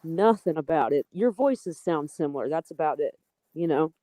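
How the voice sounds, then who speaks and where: Giggly woman with a mellow voice. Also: low-pitched, expressive, dry recording. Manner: giggly, quick to laugh. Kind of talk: casual chat.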